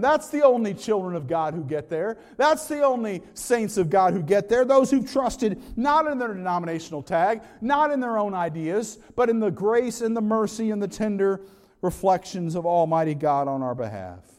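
A pastor delivering a sermon, swinging between loud emphatic lists and quiet, low asides. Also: male voice, brisk, long reverb tail. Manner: preaching with dramatic rises and drops, repetitive emphatic lists.

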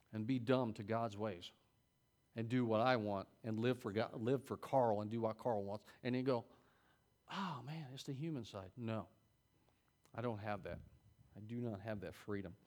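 A middle-aged man teaching a Sunday school class, preaching in a folksy, conversational way with sudden loud peaks. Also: medium pitch. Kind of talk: sermon.

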